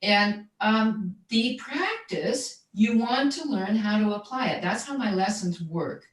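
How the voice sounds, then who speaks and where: A woman's voice: mid-range voice, animated, slow pace. A woman who is a voice coach and jazz singer, explaining her methods in a conversational interview, often checking in with "right?" and repeating words as she searches for them. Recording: roomy echo, distant from mic.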